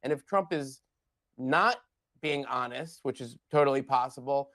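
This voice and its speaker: A man's voice: medium pitch, a little slow, a bit bright, dry recording. Man, political analyst, blunt, wry, dry close sound. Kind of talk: live news commentary.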